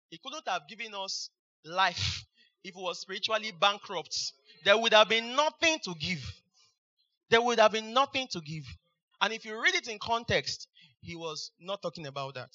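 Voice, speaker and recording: A man's voice: high voice, sharp tone. A man preaching a sermon as pastor, repeating his phrases and dropping in frequent hallelujahs. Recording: dull lo-fi recording.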